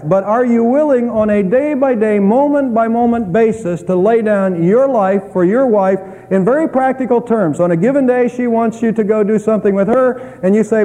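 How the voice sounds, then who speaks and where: High-voiced preacher in echoing hall. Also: male voice, normal speed. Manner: earnest preaching with swings between loud and soft. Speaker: pastor. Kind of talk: sermon. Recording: echoey hall with long reverb.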